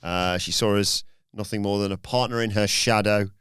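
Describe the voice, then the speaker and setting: Low smooth guy reading a recap, lots of ums, dry sound. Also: steady tone, normal speed, fairly bright tone, no room sound. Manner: reads recap with fillers, um and uh. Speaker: podcast co-host.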